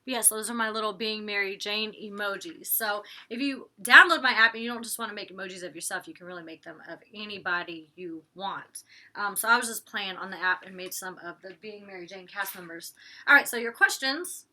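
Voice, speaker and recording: A woman's voice: mid-range voice, brisk, pushed and bright. A young woman recapping a reality show in casual, slangy chat, acting out what the cast said. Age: young adult. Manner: chatty, slangy, acts out quotes with laughs. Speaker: vlogger reviewing a reality show.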